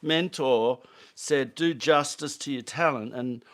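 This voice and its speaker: A man's voice: slow, fairly bright tone. A man hosting a casual livestream, chatting in a rambling, loose way to his viewers. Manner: rambling, chatty, talks to his dogs in a high baby voice. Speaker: livestream host.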